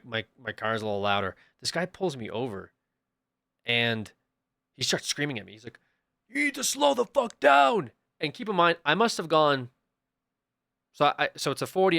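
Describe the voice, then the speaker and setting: A young livestreamer casually tells his chat a story in a mid-range voice, acting out the people in it with sudden loud bursts. The audio is studio quality with no echo.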